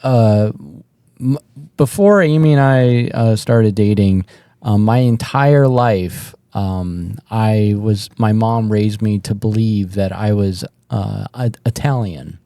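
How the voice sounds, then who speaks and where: A man's voice: fairly low pitch, takes it slowly, mellow, no room sound, clean studio sound. A man in his thirties co-hosting a podcast, rambling with laughs and fillers in casual chat. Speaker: podcast co-host.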